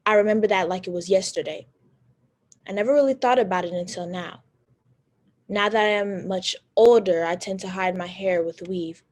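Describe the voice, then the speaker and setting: Teen girl reciting an earnest monologue. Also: fairly low pitch. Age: teens. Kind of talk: personal monologue.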